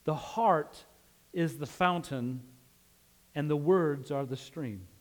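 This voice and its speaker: Male preacher from Utah, light Western drawl, higher-pitched, relaxed conversational sermon delivery. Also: slow pace. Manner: conversational, asks "right?" often, laughs easily.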